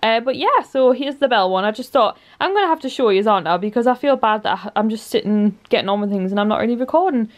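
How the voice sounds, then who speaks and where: A woman's voice: on the high side, lively intonation, quick pace, few pauses. A young woman chatting casually to camera at home in a bubbly way, with lots of fillers. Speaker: vlogger. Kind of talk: casual vlog chat. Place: at home indoors.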